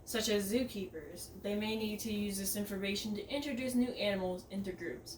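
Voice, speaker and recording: A woman's voice: mid-range voice, slight background noise. A woman presenting a review, reading aloud with hesitant fillers, recorded from a distance in an echoey room.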